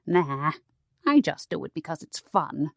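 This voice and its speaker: A playful old grandmother ghost who loves to draw out the big moment, read by a woman. The voice sits a little low and moves slowly, recorded close and dry with no room sound. It is a storybook character voice, chatty and teasing. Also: big pitch swings, vocal fry, dry recording, full character voice. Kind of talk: audiobook character voice.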